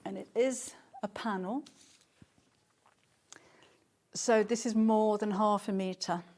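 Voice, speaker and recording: A woman's voice: medium pitch, steady tone, measured pace, darkish tone. A middle-aged woman presenting fabrics on a live sales show, chatting and gushing with lots of restarts.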